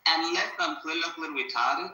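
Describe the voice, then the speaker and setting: A man's voice: fairly high pitch, fairly quick, bright, forceful tone. A man teasing and joking brashly in a casual chat, swearing freely. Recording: roomy echo.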